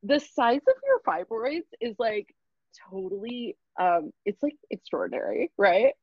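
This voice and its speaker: A woman's voice: a little high, wildly swooping pitch, a little slow, husky, dry recording, full character voice. Woman putting on a gushing young intern. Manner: gushing, valley-girl chatter. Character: bubbly young female surgical intern, overexcited. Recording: dull lo-fi sound.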